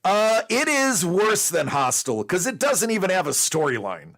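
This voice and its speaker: A man's voice: high voice, very animated, normal speed, a bit bright. A man in his forties, host of a collecting show, telling a rambling story in casual chat with lots of fillers.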